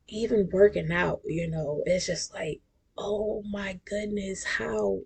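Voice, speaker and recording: A woman's voice: mid-range voice, steady tone, slow pace, vocal fry, darkish tone, breathy edge. A woman, hosting her own podcast as a casual monologue that is chatty and emphatic, with laughs and whispered asides. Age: 40s. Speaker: podcast host.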